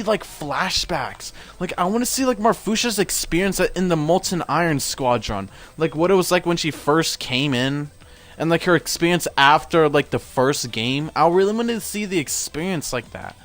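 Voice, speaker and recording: A man's voice: fairly high pitch, fairly bright tone. A young man giving casual let's-play commentary, rambling and full of "like" fillers. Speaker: gamer.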